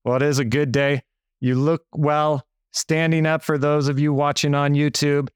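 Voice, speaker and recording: A man's voice: fairly high pitch, little pitch movement, normal speed, smooth, dry recording, clean studio sound. A man hosting an interview podcast, upbeat and playful, hyping up his guest. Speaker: podcast host. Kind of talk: scripted intro, then casual interview.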